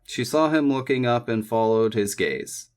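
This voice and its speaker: Man calmly narrating an audiobook. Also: medium pitch, normal speed. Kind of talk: scripted narration.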